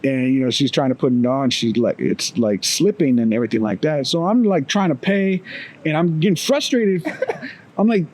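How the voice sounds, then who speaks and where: An American man co-hosting a podcast, telling a story in a relaxed, profane way, chuckling as he goes. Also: mid-range voice, moderate pace, low-quality recording. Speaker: podcast co-host. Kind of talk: casual storytelling chat.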